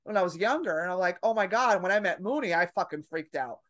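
A woman comedian holds the floor as a podcast guest, storytelling in a loose, profane rush. She slips into other people's voices for quotes and never softens her language. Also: fairly low pitch, fast talker. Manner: brash, profane, animated storytelling with acted-out quotes.

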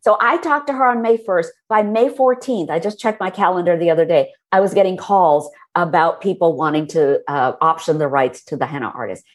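A woman author being interviewed, who tells her stories in a warm, animated way. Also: on the low side, brisk, few pauses. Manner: warm, storytelling, animated when recalling moments. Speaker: author and guest. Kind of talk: conversational interview.

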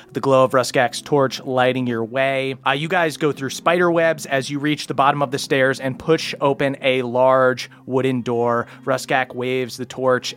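A man's voice: mid-range voice, a bit bright. A man running a tabletop game as game master, narrating scenes in a loose, laughing way with casual swearing.

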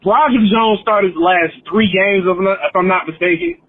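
High-voiced exasperated man on the phone. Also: fairly quick, no echo. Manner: exasperated, swearing. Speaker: caller. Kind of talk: angry voicemail rant. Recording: husky tinny phone line.

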